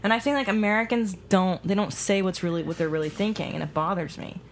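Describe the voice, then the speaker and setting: A woman co-hosting a casual comedy podcast, chatting in an animated, gushing way. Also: medium pitch, quick pace, vocal fry, slight background noise. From Hungarian family. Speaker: podcast co-host.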